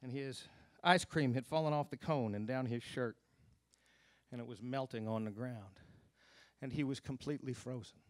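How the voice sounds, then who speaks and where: A man telling a personal story on stage at a live storytelling event, earnest, sinking to hushed low tones at grim moments. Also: moderate pace, pauses often, no room sound, studio quality.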